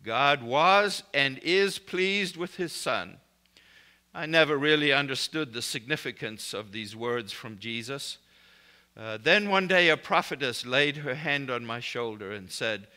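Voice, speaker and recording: A man's voice: mid-range voice, bright, forceful tone. A man preaching a recorded sermon in an emphatic, declarative way, speaking blessings and prayers over his listeners.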